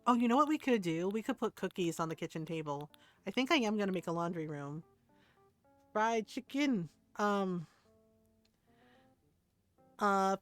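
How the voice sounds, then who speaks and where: A middle-aged woman chats casually while streaming a game, retelling stories and acting out the people in them with frequent laughs. Her voice sits in a middle range and sounds close and dry. Soft music plays underneath. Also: medium pitch, dry recording. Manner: chatty storytelling, quotes people, laughs often. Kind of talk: casual chat while gaming.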